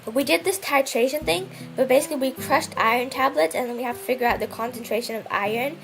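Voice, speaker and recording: High-voiced young woman ranting. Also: fast talker, vocal fry, soft background music. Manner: animated, indignant ranting with mocking voices. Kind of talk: casual storytelling chat.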